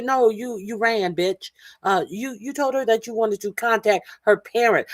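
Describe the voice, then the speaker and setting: A woman delivers furious commentary on a video, swearing freely and pausing often with uh's. Her voice is recorded dry and close, with no room sound around it. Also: fairly high pitch, dry recording. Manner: angry, cursing, many filler "uh"s. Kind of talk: heated commentary over a clip.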